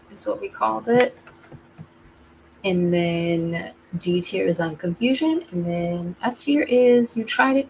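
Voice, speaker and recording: Animated woman ranting with laughs. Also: medium pitch, breathy edge, low-quality recording. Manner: animated, laughs often, exclamatory. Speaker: video creator reviewing movies. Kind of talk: casual ranting review vlog.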